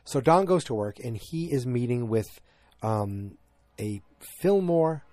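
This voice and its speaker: A man's voice: mid-range voice, expressive, unhurried, warm tone, no room sound. A man from north of Boston with a light Boston accent, casually recapping a TV episode and rambling with lots of fillers and asides. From north of Boston, USA.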